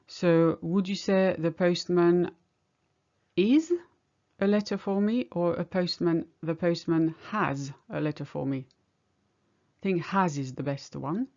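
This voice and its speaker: A woman teaches a language lesson, working through each example slowly and patiently. Her voice sits fairly low, and the recording sounds a little dull and lo-fi. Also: dark tone. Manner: patient, explains step by step. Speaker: French teacher.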